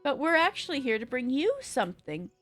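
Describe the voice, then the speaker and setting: A friendly young nun chirps her lines in a raised, bright voice, as a woman reads her part. Soft music plays faintly behind. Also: high voice, sing-song, a little fast, voice pushed up, exaggerated voice. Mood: cheerful. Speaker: streamer reading a visual novel aloud.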